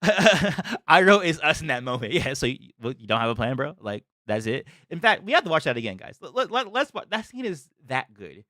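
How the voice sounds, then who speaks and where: A young man streaming a live reaction to a trailer. He is excitable, makes lots of exclamations and laughs often. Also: on the high side, brisk, few pauses, no echo, clean studio sound.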